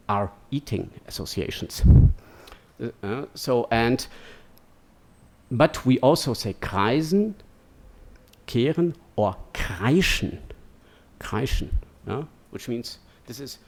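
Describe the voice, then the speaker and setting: A man's voice: mid-range voice, expressive, slow pace. A man giving an academic lecture in a digressive way, checking in with "yeah?" and "no?" as he goes. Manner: digressive, keeps asking "yeah?" and "no?".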